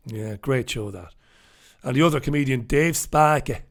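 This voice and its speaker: Speaking at a moderate pace in a mid-range voice, this man from Ireland hosts a one-man news review. He reads out comments from the live chat, sarcastic and blunt, swearing along the way.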